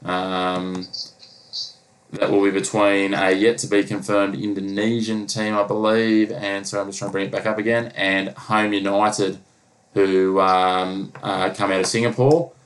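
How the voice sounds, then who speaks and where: Male podcast co-host, low and even, rambling with fillers. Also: measured pace, low-quality recording. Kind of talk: casual sports chat.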